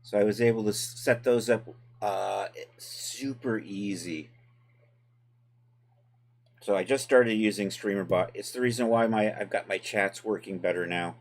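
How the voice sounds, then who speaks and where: A man with a fairly low voice, walking viewers through a software task during a live stream. He chats easily with his audience and narrates each click as he goes, loose and unscripted. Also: unhurried. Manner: relaxed, chatty, talks to chat while working. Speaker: livestream host and 3D software tutor. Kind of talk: casual live tutorial, thinking aloud.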